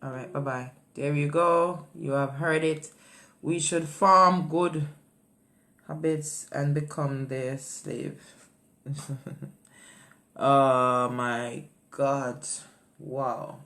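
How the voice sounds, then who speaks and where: A woman hosting a call-in talk show, emphatic and repetitive, often laughing between her words. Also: rumbling low. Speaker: radio call-in show host.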